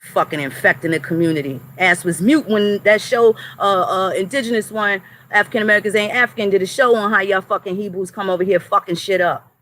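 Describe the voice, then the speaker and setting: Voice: medium pitch, brisk, a bit bright, low-quality recording. An adult livestream host ranting angrily at the chat and moderators, with heavy profanity and threats. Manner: addresses chat and moderators directly. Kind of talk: angry livestream rant to chat.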